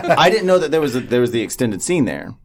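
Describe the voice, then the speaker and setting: A man's voice: medium pitch, very animated, quick pace, vocal fry. A young man, rambling through a casual podcast chat, joking and swearing freely. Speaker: podcast co-host.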